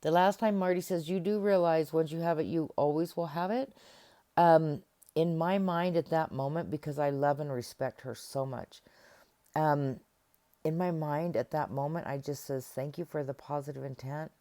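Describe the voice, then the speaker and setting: A middle-aged woman talks to camera about self-help in a casual, conversational way, playing out conversations from memory. She has a low, warm voice and keeps a moderate pace.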